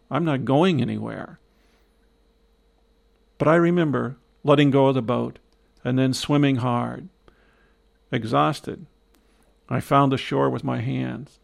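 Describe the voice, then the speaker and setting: Gravelly older man telling his story. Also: medium pitch. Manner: measured, reflective, clipped phrases. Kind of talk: first-person storytelling. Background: soft guitar music.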